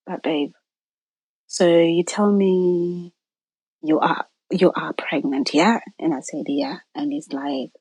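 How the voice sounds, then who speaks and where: Woman telling a personal story, husky. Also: on the low side, no echo, poor audio. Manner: animated retelling, acting out quoted voices, drops to near-whispers. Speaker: guest.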